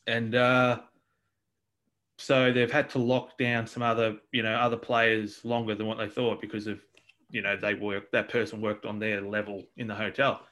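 A man's voice: lowish voice, flat delivery, normal speed, a bit bright. An Australian man co-hosting a casual podcast chat, ranting with plenty of swearing and exasperation. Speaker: podcast co-host.

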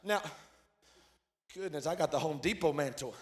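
A man preaching a revival sermon, swinging from hushed, rhythmic lines to loud shouted peaks, with joking asides to his congregation. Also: a little high, normal speed. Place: large church hall. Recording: echoey church hall.

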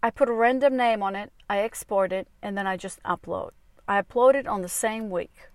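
A woman's voice: medium pitch, a little fast, no room sound. Brief: woman dating-coach podcaster, raw confessional monologue, salty language, close dry mic in a parked car. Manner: confessional, rambling, swears freely. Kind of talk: candid solo podcast monologue. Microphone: small clip-on mic on a phone.

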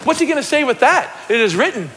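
A middle-aged man preaching a sermon, building from casual talk into excited shouting. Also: very high-pitched, fast, slight background noise. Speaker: pastor. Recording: long church reverb.

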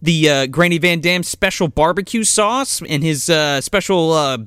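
A man's voice: fairly high pitch, moderate pace, pushed and bright, smooth, dry recording, studio quality. A man hosting a comedy movie podcast in casual, profane chat. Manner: swears freely, laughs often. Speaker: podcast host.

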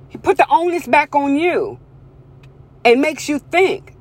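A woman's voice: high-pitched, very animated, unhurried, long pauses. Blunt woman ranting with heavy swearing. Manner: blunt, emphatic, repetitive, swearing freely. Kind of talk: profane personal rant to camera.

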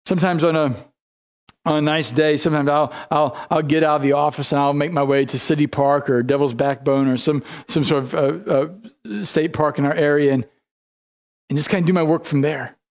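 A man's voice: fairly high pitch, fairly even intonation, a little fast. A male pastor preaching a sermon, retelling scripture in casual, everyday storytelling speech.

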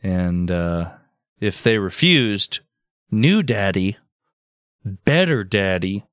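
A man's voice: low-pitched, animated, very slow, a bit bright, no echo, studio quality. A man hosting a comedy podcast, narrating history and breaking into crude joking asides. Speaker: podcast host telling history. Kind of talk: comic history storytelling.

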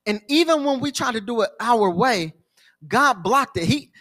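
Pastor, young adult man, high voice, sermon storytelling with repeated phrases. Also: animated, moderate pace, sharp tone.

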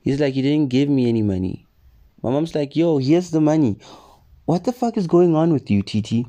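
A man's voice: fairly high pitch, moderate pace. A young man casually telling a personal story on his vlog, swearing and acting out the people in it. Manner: swearing, animated retelling with quoted voices. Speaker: storyteller vlogger.

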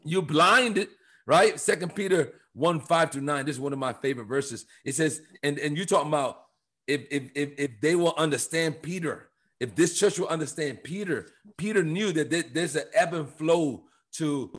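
Guy preaching on a church podcast, kinda high voice, gets fired up quoting verses. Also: moderate pace, breathy edge. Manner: emphatic, animated, quotes scripture with rising fervor. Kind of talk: preaching conversational Bible talk.

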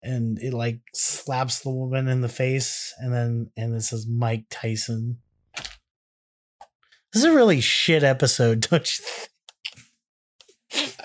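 A man's voice: medium pitch, lively intonation, a little slow. A man co-hosting a podcast in casual chat, rambling with restarts and laughing easily. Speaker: podcast co-host.

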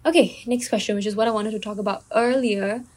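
A woman's voice: mid-range voice, steady tone, fast, darkish tone. A young Singaporean woman hosts her own podcast and talks straight to the listener. Her Singaporean English accent is easy to hear, and she tells her story earnestly, with plenty of likes and restarts. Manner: earnest, storytelling with many fillers. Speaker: podcast host. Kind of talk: casual solo podcast talk.

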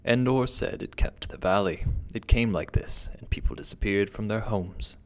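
A man voicing a white-haired old rector who speaks in a measured, polite, slightly hesitant way. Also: fairly low pitch, close to an everyday voice. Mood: grave.

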